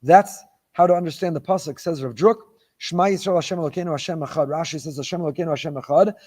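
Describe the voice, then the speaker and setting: A man's voice: a little high, fast talker, darkish tone. A middle-aged man, a rabbi giving a Torah lecture, who talks emphatically and repeats phrases for stress.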